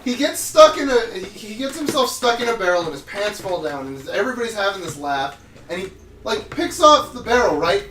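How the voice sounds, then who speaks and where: Brief: high-pitched guy on a podcast, rambling and cursing, in an echoey room a bit off the mic. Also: very animated, brisk, fairly bright tone, distant mic, slight background noise. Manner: rambling, swears often, trails off mid-sentence. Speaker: podcast co-host. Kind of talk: casual chat recapping episodes.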